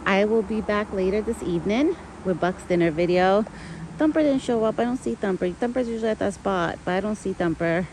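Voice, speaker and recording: A woman's voice: medium pitch, a little mellow, slight background noise, rough recording. A woman talking casually to the camera outdoors in a yard, chatty and full of "like" fillers. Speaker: vlogger who cares for a pet deer. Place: outdoors in a yard near a street.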